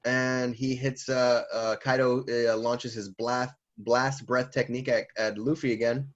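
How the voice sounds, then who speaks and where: A man's voice: medium pitch, unhurried, muffled recording. A man casually recapping a comic chapter, laughing and acting out the characters' lines as he goes. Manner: animated, laughing, acts out lines. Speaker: manga reviewer. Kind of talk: casual comic read-through.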